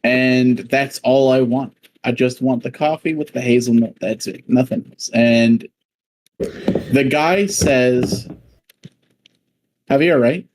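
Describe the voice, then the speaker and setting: A man telling a funny story to friends in casual chat, in a slow, deadpan way. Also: medium pitch, slight background noise, poor audio.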